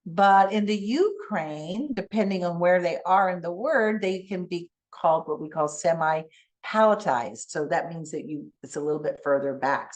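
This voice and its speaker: Animated woman giving a keynote lecture. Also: lowish voice. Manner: animated teacherly, asks audience to repeat sounds. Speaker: keynote speaker.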